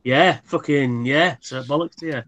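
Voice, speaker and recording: A man's voice: mid-range voice, normal speed, fairly bright tone, dull audio. A man in his thirties, hosting a live stream in casual chat, rambling through anecdotes and swearing freely. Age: 30s.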